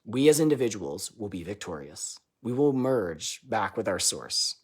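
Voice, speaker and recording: A man giving a live channeled reading, loose and irreverent, swearing and laughing between lines, swinging between loud declarations and quiet asides. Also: lowish voice, big pitch swings, measured pace, breathy edge. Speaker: spiritual channeler.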